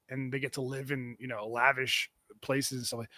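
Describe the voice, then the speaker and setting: A man's voice: mid-range voice, flat delivery, moderate pace, pushed and bright, dry recording. A man hosting a comedy podcast, rambling through casual banter with plenty of fillers and restarts. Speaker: podcast host.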